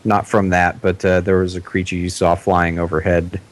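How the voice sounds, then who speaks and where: A man narrating and explaining as game master of a tabletop role-playing game, halting with fillers and laughs. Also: low voice, little pitch movement.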